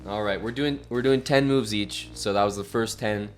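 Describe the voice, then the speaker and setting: Joking man with a low voice. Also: faint music behind. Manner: joking, quick banter with frequent laughs. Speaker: stream host. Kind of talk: casual chess stream chat.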